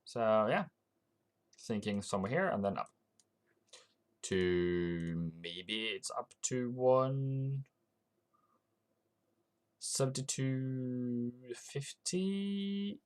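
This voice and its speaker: A man's voice: on the low side, expressive, slow pace, pauses often, clean tone. A man with a Norwegian accent giving rambling live-stream market commentary, thinking aloud with frequent restarts. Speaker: forex trading streamer.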